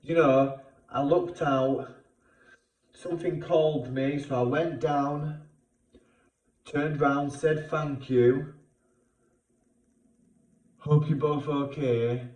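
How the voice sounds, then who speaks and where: A British man talking through an emotional personal experience in a vlog, halting and repeating himself with many fillers. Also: medium pitch, darkish tone. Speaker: vlogger. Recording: roomy sound, far from the mic.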